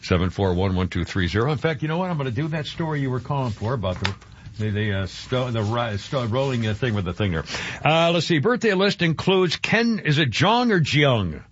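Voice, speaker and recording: A man's voice: mid-range voice, very animated, fairly quick, a little hiss or hum. A man hosting a radio show, chatting in a rambling way and stumbling over his words. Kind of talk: morning radio chat. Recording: dull, dry radio broadcast.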